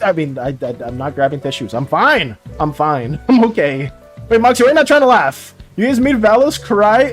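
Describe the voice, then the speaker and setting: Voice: mid-range voice, very animated, moderate pace, soft background music. A streamer chatting casually with viewers while drawing, stammering and repeating words, emotional and flustered.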